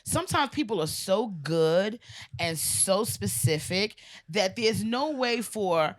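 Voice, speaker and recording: A woman's voice: mid-range voice, slow. A woman comedian with an American accent, telling a long joke on a podcast and acting out every voice. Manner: animated storyteller, acts out voices and monkey noises. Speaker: comedian guest.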